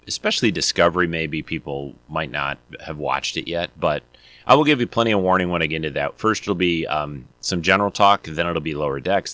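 Very deep-voiced rambling podcast host, man. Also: fairly bright tone, no room sound. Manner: rambling, loose, many fillers and restarts. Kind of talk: casual solo podcast chat.

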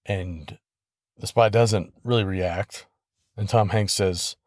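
A man hosting his own podcast, retelling a film story in a relaxed, conversational way with soft laughs and small restarts. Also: fairly low pitch, takes it slowly, dry recording, studio quality. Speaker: podcast host. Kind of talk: casual solo podcast storytelling.

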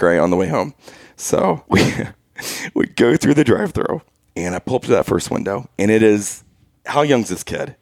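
Gravelly, lively man telling stories. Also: fairly low pitch, normal speed, no room sound. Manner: self-deprecating, laughs often while telling stories. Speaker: podcast co-host. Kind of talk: casual chat, storytelling.

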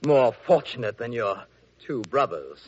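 A man's voice: mid-range voice, big pitch swings, a little slow, darkish tone, breathy edge. An actor playing an exasperated old king in an old radio play, fussy and exclaiming. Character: exasperated old king, father of three sons. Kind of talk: 1940s radio acting. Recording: muffled old radio recording.

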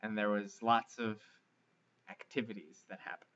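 A young man's fairly low, steady voice moves at a moderate pace, a bit bright but with the highs cut off. Co-hosting a podcast, he rambles crudely through camp stories in casual comedic chat, leaning on filler words.

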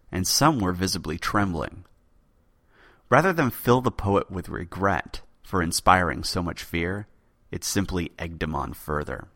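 Deep-voiced man narrating a dramatic tale. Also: gravelly. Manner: lively, dramatic delivery. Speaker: podcast host.

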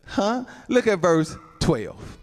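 A man pastor preaching a sermon, calling out to the saints, laughing between lines and reading scripture slowly. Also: sits high, big pitch swings, a little mellow. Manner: reads scripture slowly, then voices people's complaints.

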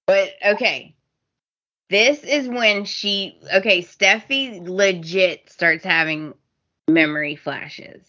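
Woman, podcast co-host, bright tone, animated recap, muffled lo-fi audio. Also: medium pitch, takes it slowly. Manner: animated, acts out characters' lines. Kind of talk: casual soap opera recap chat.

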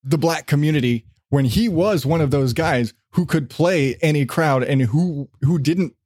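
A man talking casually as a podcast guest, explaining his points at length with relaxed fillers. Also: fairly high pitch, unhurried, dry recording, clean studio sound.

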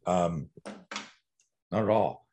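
Deep-voiced man telling rambling stories. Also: very slow, warm tone, slight background noise. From Canada. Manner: rambling, profane, many restarts and fillers. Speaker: guest, coach on fear. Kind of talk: casual interview storytelling.

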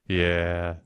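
A man's voice: low-pitched, smooth, no room sound, studio quality. A Minnesotan man hosting a podcast, chatting casually in a rambling, self-deprecating way with plenty of fillers. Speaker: podcast host. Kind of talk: casual conversation.

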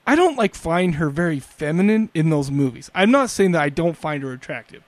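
A man's voice: a little high, big pitch swings, a little fast, no room sound. A married man hosting a podcast, rambling and self-deprecating in casual chat. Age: adult, married. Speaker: podcast host.

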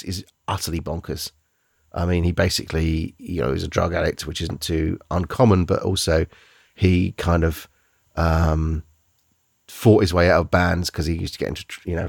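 A man's voice: sits low, creaky, no room sound, studio quality. A man hosting a podcast, reviewing films in casual, rambling chat, often restarting and searching for words.

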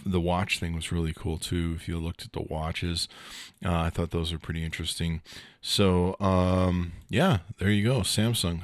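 Deep voiced guy riffing on tech news, swears a lot, goes off on tangents. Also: no room sound, studio quality. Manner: rambling, profane, joking asides. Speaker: podcast host. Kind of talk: casual tech news monologue.

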